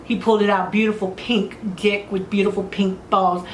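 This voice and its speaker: A woman telling frank stories in casual chat as a podcast host, crude, profane and animated. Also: medium pitch, moderate pace. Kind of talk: candid casual storytelling. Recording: roomy room with faint noise.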